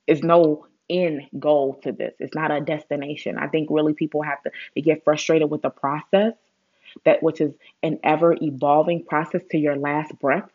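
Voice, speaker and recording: Blunt vlogger ranting about pushing through, swears a lot, dull lo-fi audio. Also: mid-range voice. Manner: blunt, rambling, swears for emphasis; mocks complainers in a whiny voice. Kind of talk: casual motivational monologue.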